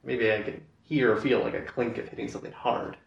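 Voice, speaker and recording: A man's voice: mid-range voice, fairly even intonation, a little fast, vocal fry, far from the mic, slight background noise. A man playing a tabletop game, joking in a dry, easygoing way. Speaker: player. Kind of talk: casual tabletop play. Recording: echoey, slightly dull sound.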